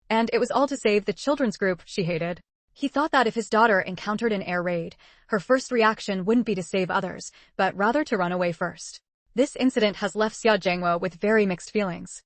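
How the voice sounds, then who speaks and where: Steady woman narrator, dry close sound. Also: medium pitch, fairly quick, dry recording. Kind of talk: scripted story narration.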